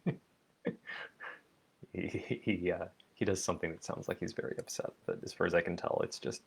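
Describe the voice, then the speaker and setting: A man talking slowly and thoughtfully in a personal video diary, musing aloud with many fillers and restarts. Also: deep voice, flat delivery, gravelly, breathy edge. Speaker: vlogger. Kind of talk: reflective spoken diary.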